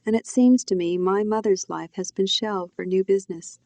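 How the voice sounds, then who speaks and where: A woman, the author, reading her own novel aloud in a quiet, reflective first-person telling. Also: medium pitch, fairly even intonation, moderate pace, no room sound. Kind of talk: audiobook narration.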